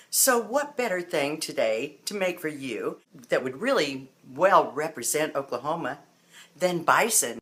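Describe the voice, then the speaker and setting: Chatty middle-aged woman, low voice. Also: a bit bright. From northern Iowa. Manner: chatty, upbeat storyteller. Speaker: home cook presenting a recipe entry. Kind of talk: casual on-camera cooking video.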